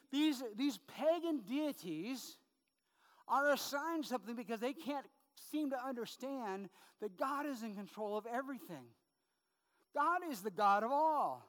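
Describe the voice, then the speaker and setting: High-voiced preacher in an echoing hall. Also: male voice, fairly bright tone. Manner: conversational, many fillers and rhetorical asides. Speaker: pastor. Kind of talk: sermon. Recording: long reverb of a hall.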